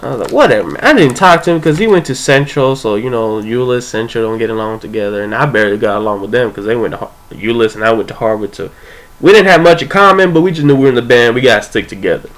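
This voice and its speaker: A man's voice: fast, low-quality recording. A young man telling a casual, profane personal story, acting out what people said with big jumps in his voice. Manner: animated, profane, acts out quoted voices with big pitch jumps.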